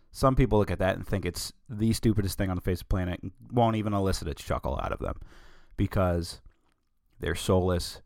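Casting: male solo host, low voice, opinionated and digressive, dry close sound. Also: no echo. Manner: rambling and opinionated, digresses freely. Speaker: podcast host. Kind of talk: casual solo monologue.

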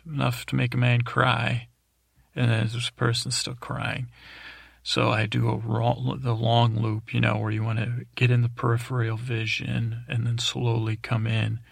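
Gravelly, halting bedtime storyteller man. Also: mid-range voice, a bit bright, no echo, studio quality. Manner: rambling and halting, with many fillers and restarts. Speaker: podcast host. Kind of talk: improvised bedtime story narration.

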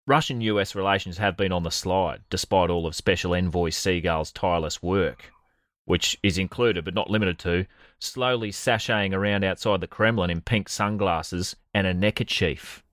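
Man, deep, sardonic podcast co-host, dry close sound. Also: normal speed, fairly bright tone, no echo. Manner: sardonic, profane storytelling. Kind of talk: comedic podcast banter.

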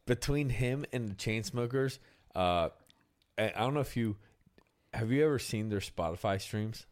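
A man's voice: mid-range voice, moderate pace. A young man hosting a casual podcast chat about music, loose and profane, often trailing off and restarting.

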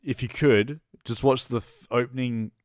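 A man co-hosting a casual movie chat, telling the plot in a halting, rambling way with lots of fillers and restarts, laughing at his own jokes. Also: medium pitch, fairly even intonation, no echo, clean studio sound. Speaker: podcast co-host reviewing movies.

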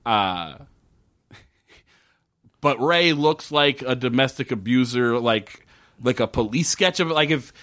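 A man casually recapping a TV episode with a co-host, animated and profane, acting out the characters' lines. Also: mid-range voice, a little slow, pauses often. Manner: profane, wry. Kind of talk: casual chat.

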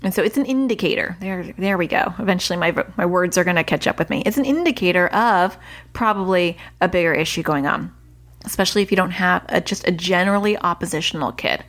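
A woman's voice: fairly low pitch, fast, fairly bright tone. A woman hosting a solo parenting podcast, giving earnest advice in a chatty way and correcting herself as she goes. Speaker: parenting coach and podcast host.

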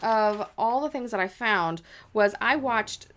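Her mid-range voice is a bit bright and a little slow as this young adult podcast co-host narrates a ghost story. The telling is chatty and relaxed, packed with "like" and theatrical quoted voices.

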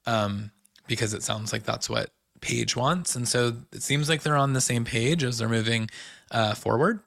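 A man's voice: mid-range voice, normal speed, vocal fry, a bit bright, dry recording, studio quality. A man hosting a casual podcast, recapping reality TV in a loose, chatty way with lots of fillers and quoted asides. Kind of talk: casual chat.

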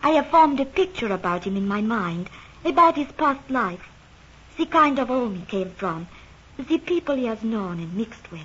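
Genteel refined lady, somewhat high voice, dull old radio sound. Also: very animated, normal speed, fairly bright tone, breathy edge, exaggerated voice. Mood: probing. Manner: genteel, probing, composed. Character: refined young English lady Antoinette. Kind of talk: old radio drama acting.

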